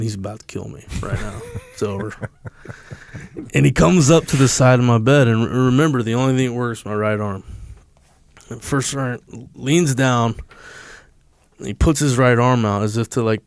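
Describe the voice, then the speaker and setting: A man's voice: mid-range voice, normal speed, dry recording. A man from the United States, a podcast guest, telling a personal story in a candid, profane and emotional way.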